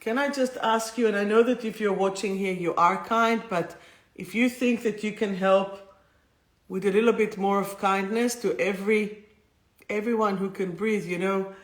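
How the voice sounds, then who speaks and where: A woman hosting a live-streamed spiritual talk, speaking into two phones in a warm, rambling, emotional way. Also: mid-range voice, fairly even intonation, moderate pace. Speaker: spiritual healer and host. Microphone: two phones streaming at once. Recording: roomy echo.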